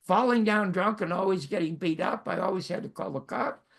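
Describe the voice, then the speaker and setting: A man's voice: high-pitched, a little fast, gravelly. A man in his nineties from Canada, telling stories from his life as a host, with a wry, self-mocking humor. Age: 90s. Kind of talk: storytelling monologue.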